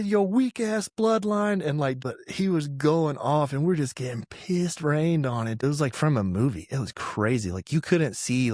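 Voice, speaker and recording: A man's voice: lowish voice, a little mellow, no room sound, clean studio sound. A man from Georgia in his thirties, an army veteran guest telling stories in a laid-back, profane way and laughing often. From Georgia, USA. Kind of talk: casual interview storytelling.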